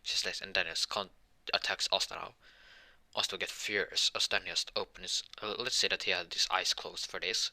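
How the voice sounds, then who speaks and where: Man, deep voice, sharp forceful tone, rambling improvised storytelling, halting, restarts. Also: little pitch movement. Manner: rambling, halting, many restarts and self-corrections. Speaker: fan storyteller. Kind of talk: improvised fan-fiction narration.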